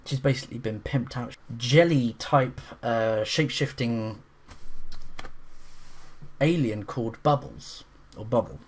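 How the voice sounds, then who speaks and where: Rambling, excitable male film reviewer. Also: medium pitch. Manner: rambling, with frequent restarts and fillers; enthusiastic, breaks into quick voices. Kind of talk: casual film review monologue.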